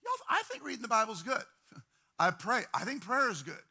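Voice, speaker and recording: Bright-voiced preaching pastor, man. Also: very high voice, normal speed, creaky, husky. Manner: conversational, animated preaching with repeated words. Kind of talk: sermon.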